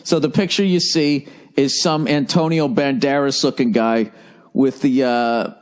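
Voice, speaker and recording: A man's voice: medium pitch, steady tone, measured pace. A middle-aged man with a Boston accent hosting a solo podcast, ranting in a rambling, sarcastic and profane way. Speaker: podcast host. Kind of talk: solo comedic podcast rant.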